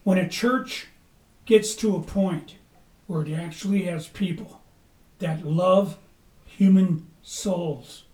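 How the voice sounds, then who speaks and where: A man preaching a sermon with passion, rising to loud urgency and dropping to a hush. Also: high voice, takes it slowly. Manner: impassioned, swings from loud to hushed. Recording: echoey room, mic at a distance.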